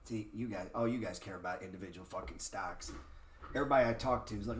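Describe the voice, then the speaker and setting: A man's voice: mid-range voice, lively intonation, brisk, bright, forceful tone. Blunt, cursing man with a roomy echo. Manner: blunt, profane, rhetorical questions. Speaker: trading educator. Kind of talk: casual screen-share market talk.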